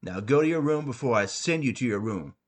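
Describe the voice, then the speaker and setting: A blustering middle-aged dad who lays down the law and then trips over his own rules, as a man reads him out in a comic story. His voice is a plain, medium man's voice, stern and deliberate. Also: medium pitch, expressive, close to an everyday voice. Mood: weary.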